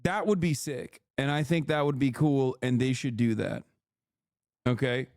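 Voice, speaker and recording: A male streamer with a medium-pitched, darkish voice reacts to a clip at an unhurried pace, mocking it heatedly and swearing often. His profane, sarcastic commentary is captured as a dry, clean studio recording.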